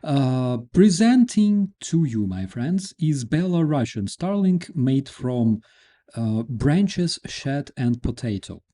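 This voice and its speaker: A male host whose first language is Ukrainian gives casual news commentary in a slow, unhurried way. He is sarcastic and keeps breaking into laughter. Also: mid-range voice, very animated, dark tone.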